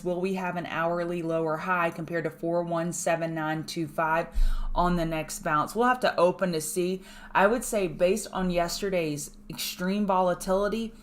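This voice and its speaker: A woman with a slightly low voice hosts a live market prep stream. She talks briskly and emphatically, repeats her key points for weight, and drops chatty asides to her viewers as she moves through each chart. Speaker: trading show host.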